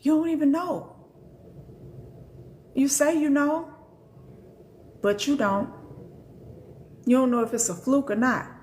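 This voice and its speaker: A woman's voice: sits high, steady tone, slow, pauses often, a little mellow, a little hiss or hum. An older woman teaching as a spiritual reader on a live stream. She speaks bluntly and animatedly, swears freely, and laughs often.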